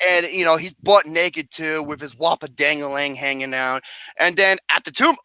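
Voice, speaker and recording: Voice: mid-range voice, moderate pace, bright, forceful tone, smooth, no room sound. A film reviewer ranting profanely and acting out scenes with mock wails and singing.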